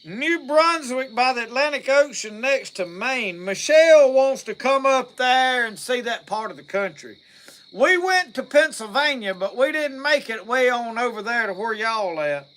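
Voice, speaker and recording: A man's voice: very high voice, expressive, normal speed, a bit bright. A man with a Mississippi Southern accent, hosting a live stream and chatting in a folksy, rambling way as he reads out viewer comments. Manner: folksy, rambling, laughs easily. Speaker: livestream host.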